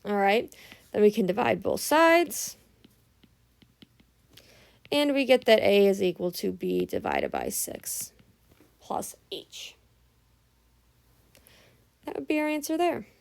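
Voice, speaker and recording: A woman's voice: medium pitch, wildly swooping pitch, slow pace, creaky, pauses often, darkish tone. Tired woman patiently explaining math. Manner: patient, explaining step by step with frequent "right?" checks. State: tired, early morning. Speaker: teacher. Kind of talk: casual math tutorial.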